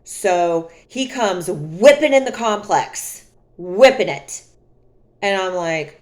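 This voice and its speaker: A woman vlogger calmly and emphatically retelling a personal story in a storytime monologue. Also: on the low side, takes it slowly. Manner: calm, emphatic, dramatic retelling.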